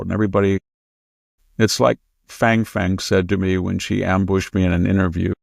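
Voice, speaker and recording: A man's voice: low-pitched, level tone, moderate pace, vocal fry, no room sound, clean studio sound. A man hosting a political talk show, speaking in an emphatic, lecturing way. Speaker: host. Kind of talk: political commentary chat.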